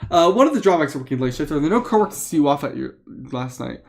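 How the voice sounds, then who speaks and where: A man's voice: fairly high pitch, sing-song, rapid-fire, creaky. A man reading an interactive book aloud live for friends, playful with joking asides.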